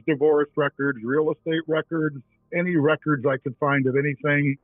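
A man's voice: fairly high pitch, no echo. A middle-aged reporter telling a story in an interview, acting out his phone calls as he goes. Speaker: TV reporter and author, interview guest. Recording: tinny phone-line sound.

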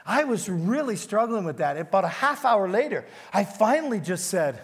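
Male guest preacher, high-pitched and animated, sermon storytelling, church hall reverb. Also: normal speed, hardly any pauses. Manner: animated storytelling, coaxing the congregation. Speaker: guest pastor. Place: church sanctuary.

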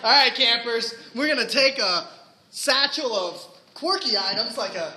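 A man's voice: extremely high pitch, animated, unhurried, noisy background. A man playing a quirky park ranger in an improv scene, upbeat and leading a group of campers. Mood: chipper. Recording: roomy live stage sound.

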